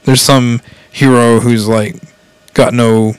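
Casting: man, casual rambling recap of a show, laughs often, mid pitch, dry close sound. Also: level tone, slow pace, smooth, dry recording. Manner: rambling, laughs often, quotes characters in voices. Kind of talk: casual chat retelling an anime plot.

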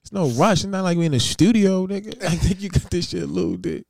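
A man co-hosting a casual podcast, an animated storyteller who acts out what others said. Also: high-pitched, quick pace, creaky, no room sound, clean studio sound. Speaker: podcast co-host. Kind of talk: casual chat.

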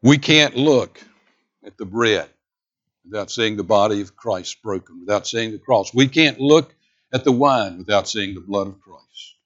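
A man's voice: lowish voice, lo-fi sound. Emphatic male pastor preaching. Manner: emphatic, dramatic pauses, swings between loud and hushed. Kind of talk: sermon. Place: church sanctuary.

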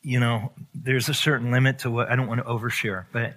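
Pastor, male, bright tone, candid confessional testimony with emphatic build. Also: medium pitch, flat delivery, a little fast. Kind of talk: personal testimony sermon.

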